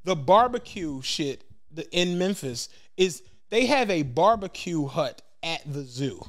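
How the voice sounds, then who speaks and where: A Philadelphia man with a noticeably high voice and a Philly accent, co-hosting a podcast. He tells a trip story in a loose, profane way and breaks into laughter often. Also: big pitch swings, unhurried. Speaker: podcast co-host. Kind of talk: casual storytelling chat.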